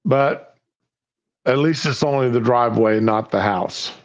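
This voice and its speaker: An older man hosting a casual live stream chat, talking in a halting way with many restarts. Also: mid-range voice. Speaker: host.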